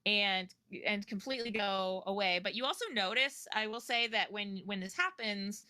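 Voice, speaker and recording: A woman game master narrates a tabletop game in a casual, loose way. Her tone is bright. The recording is dry and close. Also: mid-range voice, moderate pace, no echo. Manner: casual, loose with fillers and restarts.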